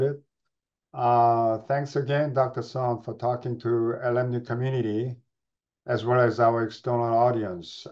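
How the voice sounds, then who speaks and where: A man's voice: medium pitch, darkish tone, muffled recording. A man hosting a webinar, giving formal, courteous closing remarks. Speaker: webinar host.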